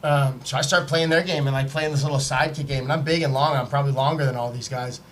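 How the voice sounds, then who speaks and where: Profane, animated male storyteller. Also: medium pitch, quick pace, a little hiss or hum. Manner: animated, profane, acts out quotes. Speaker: podcast guest telling a story. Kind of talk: casual storytelling. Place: podcast studio, live.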